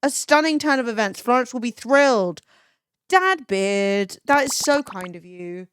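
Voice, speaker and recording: A woman's voice: fairly high pitch, expressive, a little slow, fairly bright tone, smooth, no echo, clean studio sound. A young woman live-streaming, chatting casually with her chat, swearing freely and laughing often.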